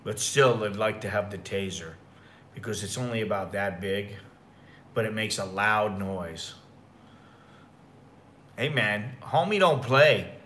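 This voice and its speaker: A man's voice: fairly low pitch, pushed and bright. An American man telling rambling, profane stories in a casual livestream chat. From United States. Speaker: expat vlogger.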